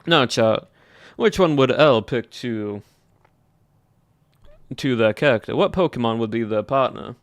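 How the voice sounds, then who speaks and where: Man, Southern US accent, casual stream chatter, thinking aloud, smooth resonant tone. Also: medium pitch, animated, measured pace, pauses often, dry recording. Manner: chatty, thinking aloud while polling chat. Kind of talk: casual livestream chat with viewers.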